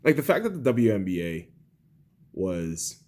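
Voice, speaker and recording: A young man hosting a podcast, delivering an angry, profane political rant that swings between shouting and low muttering. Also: very animated, unhurried. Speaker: podcast host.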